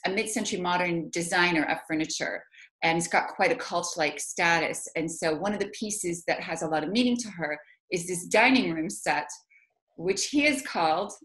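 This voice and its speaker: A woman's voice: on the low side, fairly bright tone. A woman author asking for help with pronunciation over a video call, chatty and self-deprecating, with frequent hesitations. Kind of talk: casual video call chat.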